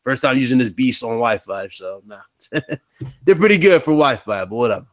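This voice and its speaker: A man hosting a casual gaming podcast, relaxed as he hands the mic to each panelist. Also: mid-range voice, brisk. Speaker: podcast host. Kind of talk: casual podcast outro chat.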